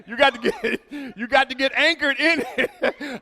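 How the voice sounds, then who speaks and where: A man preaching a sermon to his congregation as pastor, swinging between shouted lines and quiet, low asides. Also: normal speed, vocal fry, big-room sound.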